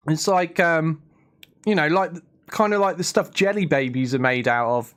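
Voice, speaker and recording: A man's voice: a little high, normal speed, fairly bright tone. A young man chatting casually on a live stream, rambling and answering his chat. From England.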